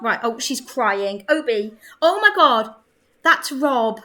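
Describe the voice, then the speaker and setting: A young woman chatting excitedly while playing a life-sim game, laughing often. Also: medium pitch, measured pace. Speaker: gaming creator. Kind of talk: casual gameplay commentary.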